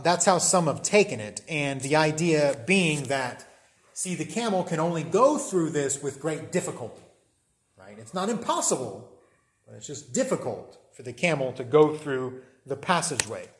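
A man preaching a sermon in a relaxed, conversational teaching way. His voice sits a little high. He restarts his sentences and asks rhetorical questions as he works through the passage.

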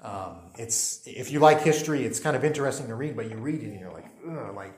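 A man preaching a sermon in a relaxed, conversational way, with many fillers and restarts, often asking his listeners to agree. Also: mid-range voice, fast talker. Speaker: pastor. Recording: echoey hall.

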